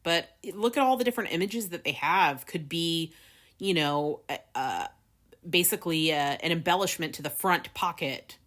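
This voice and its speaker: Woman, craft tutorial host, low-ish voice, casual and rambling with fillers. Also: moderate pace, fairly bright tone. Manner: chatty, laughs often, many fillers.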